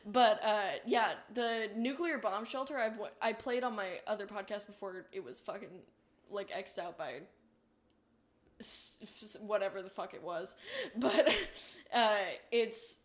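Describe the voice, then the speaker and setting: A young adult woman co-hosting a casual podcast, swearing freely and often breaking into loud laughter. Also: medium pitch, unhurried. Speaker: podcast co-host.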